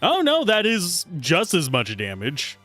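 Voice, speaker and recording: A man's voice: sits high, unhurried, soft background music. A man casually commentating his game on a live stream, chatty and joking as he plays. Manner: animated, chatty, jokey asides. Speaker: streamer playing a video game.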